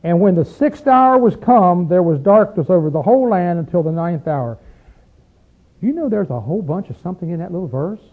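A man's voice: high-pitched, animated, a little fast. A man leading an interactive Bible study, teaching emphatically and asking the group questions as he goes. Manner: emphatic, questions the group, rises when stressing points. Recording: tinny phone-like recording.

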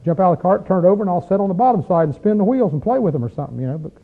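Male preacher, high-pitched and folksy, asks the room rhetorical questions. Thin phone-like recording. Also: lively intonation, breathy edge. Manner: rises into loud, drawn-out chanting when acting out crowds in the text. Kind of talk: conversational sermon with scripture reading.

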